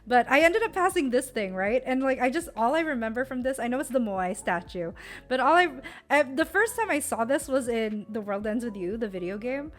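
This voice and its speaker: A woman's voice: on the high side, animated, a little fast. A young American woman streamer chatting casually about a trip, giggly and full of fillers. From United States.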